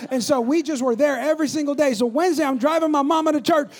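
A man preaching a sermon to a congregation, telling funny stories and acting out voices in an animated way. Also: extremely high pitch, quick pace. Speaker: pastor. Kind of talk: sermon with storytelling.

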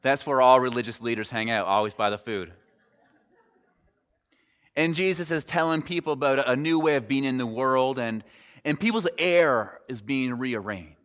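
A man's voice: mid-range voice, normal speed, a bit bright. A man preaching a sermon as a pastor, retelling a story conversationally with wry humorous asides. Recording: echoey hall, dull lo-fi sound.

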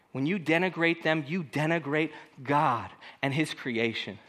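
A man's voice: fairly high pitch, moderate pace, few pauses. A male pastor preaching a conversational sermon, acting out quoted lines and speaking directly to the congregation. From California. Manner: conversational, animated, acts out quoted voices.

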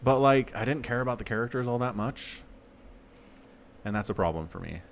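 A man co-hosting a podcast, in casual, animated chat with sarcastic asides. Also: mid-range voice, a little fast, vocal fry, a little hiss or hum. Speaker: podcast co-host.

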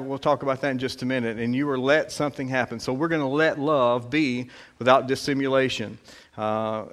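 Halting conversational male preacher. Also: mid-range voice, fairly bright tone. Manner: conversational, halting, many fillers. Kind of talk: sermon.

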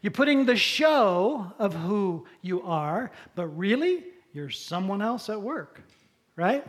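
A pastor preaching a sermon in a conversational way, using props and slowing down for emphasis. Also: mid-range voice, sing-song.

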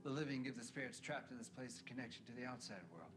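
A man acting in a television drama scene, speaking in a quiet, low-key way. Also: steady tone, fast, over loud music, lightly acted. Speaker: actor in a TV drama clip. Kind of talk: scripted drama dialogue. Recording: clip with loud background noise. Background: loud ambient noise.

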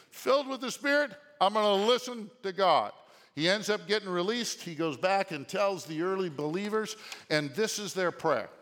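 A male pastor preaching a sermon in an animated way, often asking the congregation questions. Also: high voice. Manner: animated, asks the congregation questions, shouts quoted lines. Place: church sanctuary. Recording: long reverb of a church hall.

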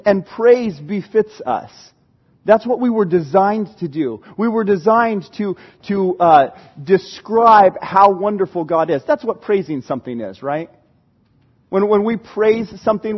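A man preaching a sermon to a congregation in a church, talking in a lively, conversational way and now and then leading the room in shouts. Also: sits high, muffled recording. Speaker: pastor.

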